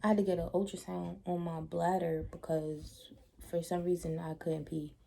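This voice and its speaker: Low, gravelly-voiced young woman vlogging. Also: moderate pace. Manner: blunt, animated retelling with slangy asides. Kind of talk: casual storytime chat.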